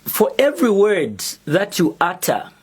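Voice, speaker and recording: Slow, defiant Zambian man. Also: high voice, huge pitch swings, husky. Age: young adult. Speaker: activist. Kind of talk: prepared public statement.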